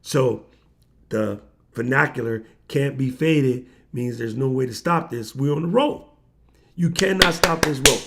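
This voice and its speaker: A man with a gravelly, rough-edged voice hosts a livestream in loose, slangy chat. He tells stories with energy and puts on the voices of the people he quotes. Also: medium pitch, unhurried. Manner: animated slangy storyteller, acts out quoted voices. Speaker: livestream host. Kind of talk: casual livestream storytelling.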